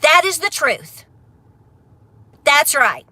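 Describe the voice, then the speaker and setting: A woman's voice: sits high, big pitch swings, slow pace, sharp tone, dry recording. A middle-aged woman, ranting bluntly on a casual livestream, then laughing and affectionate with her viewers. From Appalachia. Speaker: homestead vlogger.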